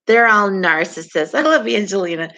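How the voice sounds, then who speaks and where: A woman's voice: medium pitch, animated, normal speed, sharp tone. A middle-aged woman hosting a casual astrology live stream, chatting with viewers, reacting to their comments and laughing often. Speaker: livestream astrology host.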